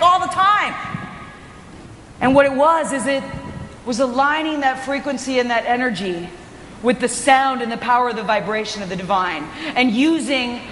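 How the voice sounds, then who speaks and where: A woman giving an energetic, inspirational conference talk as a motivational speaker, often raising her voice for emphasis. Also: sits high, a little hiss or hum. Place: hotel conference hall. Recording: echoey hall recording.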